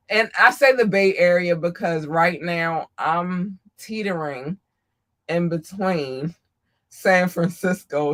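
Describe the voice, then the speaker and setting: A woman hosting a live podcast, casually giving affectionate shout-outs to listeners and often squealing her greetings. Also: lowish voice. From Maryland, US. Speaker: podcast host.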